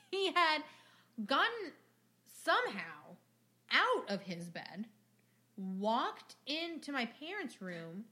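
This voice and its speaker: Young woman co-host, bright, slightly high voice, lively casual storyteller who swears and acts out quotes. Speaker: podcast co-host.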